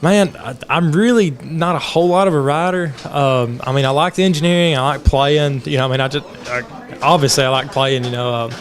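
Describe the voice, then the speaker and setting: A man's voice: on the high side, fairly quick, a little hiss or hum. A teenage boy, a musician guest, answering hesitantly in a laid-back way, with many fillers. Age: teens. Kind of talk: casual interview chat.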